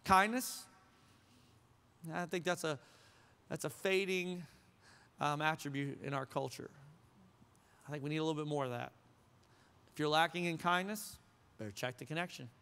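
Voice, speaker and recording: Bright, high-voiced joking pastor. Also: male voice, normal speed, long pauses, clean tone, long reverb tail. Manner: conversational, joking, asks the crowd questions. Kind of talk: sermon. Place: church sanctuary.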